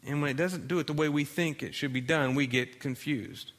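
A man's voice: fairly high pitch, fairly quick, few pauses, a bit bright, long reverb tail. A male pastor giving a sermon in a conversational preaching style, with dramatic readings of scripture.

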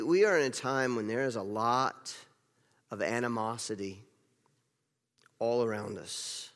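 A man's voice: a little high, fairly bright tone. A male pastor giving a conversational sermon, repeating phrases for emphasis. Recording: long reverb of a large hall.

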